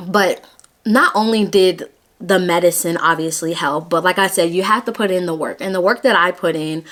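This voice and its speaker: A woman's voice: lowish voice, a bit bright. A young woman vlogging her personal testimony, earnest and emotional, close to tears at times.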